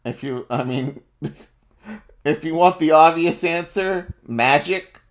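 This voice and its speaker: A man narrating as game master of a tabletop game, rambling and laughing through his descriptions. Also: fairly high pitch. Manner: slow, rambling descriptions with many fillers and laughs.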